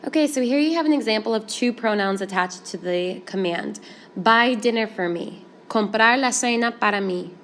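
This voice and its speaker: A woman teaching a Spanish grammar lesson, explaining each step in a clear, steady way. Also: mid-range voice, normal speed, slight background noise.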